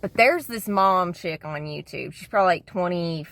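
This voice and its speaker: A woman's voice: on the low side, normal speed, fairly bright tone, a little hiss or hum. A woman vlogger rambling casually to camera, slangy and profane, calling the viewer "dude".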